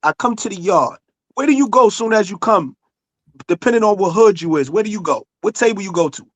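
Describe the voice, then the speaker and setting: A man's voice: high voice, lively intonation, brisk, no echo. A man, arguing heatedly in casual talk, insistent and repeating himself to be heard. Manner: insistent, repeats himself, talks over others.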